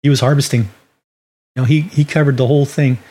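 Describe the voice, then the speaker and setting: A man's voice: mid-range voice, fairly even intonation, fast, warm tone, slightly rough. A man teaching a Bible lesson on sharing faith, talking in a folksy, conversational way with restarts. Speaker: ministry teacher.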